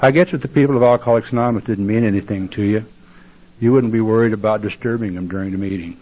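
A man's voice: lowish voice, fast. An older man telling his recovery story at a meeting, wry and blunt and plainspoken. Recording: dull lo-fi tape.

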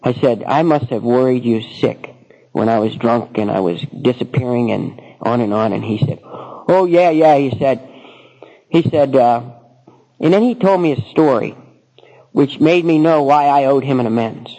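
A man's voice: medium pitch, moderate pace, dark tone, rough recording. A middle-aged man telling a personal recovery story, rambling with many false starts. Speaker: speaker sharing recovery story.

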